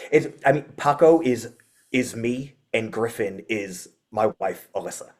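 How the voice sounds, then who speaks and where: Rambling, animated man in a casual chat. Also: fairly low pitch, moderate pace. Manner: rambling, lots of fillers, animated retelling. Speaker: guest musician.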